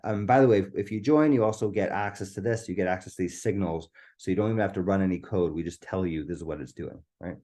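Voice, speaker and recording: Hoarse, eager man presenting a webinar. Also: sits low, fast, dark tone. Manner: enthusiastic, keeps asking "right?". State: voice going hoarse.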